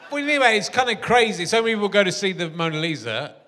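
A man's voice: sits high, big pitch swings, quick pace, pushed and bright. A man hosting a live comedy podcast on a theatre stage, rambling and self-deprecating, laughing often. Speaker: podcast host.

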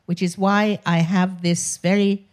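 A woman's voice: lowish voice, level tone, measured pace. Posh-voiced older Englishwoman, blunt and candid. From England. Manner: frank, blunt, swears freely, laughs between phrases. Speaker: guest. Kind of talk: candid talk show chat.

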